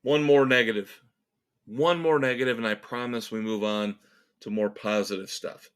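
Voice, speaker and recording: A man's voice: medium pitch, steady tone, normal speed, clean tone. A man hosting a music podcast, ranting in a sarcastic, exasperated and emphatic way. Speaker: podcast host. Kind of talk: opinionated solo rant.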